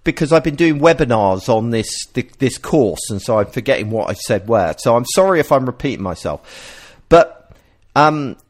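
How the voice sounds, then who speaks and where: A man hosting a podcast, explaining ideas in a casual, animated way and often restarting his sentences. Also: medium pitch, moderate pace. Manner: animated, explanatory, self-interrupting. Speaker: podcast host.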